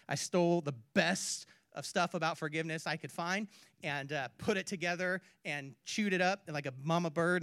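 Animated, higher-voiced man preaching. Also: no room sound, studio quality. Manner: animated, swings from hushed to loud and back; playful asides with laughter. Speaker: pastor. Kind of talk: sermon.

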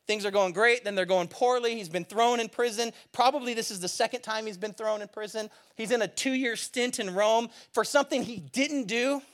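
A man preaching a sermon as a pastor, talking in a lively, conversational and emphatic way with playful asides. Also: high voice, normal speed, few pauses.

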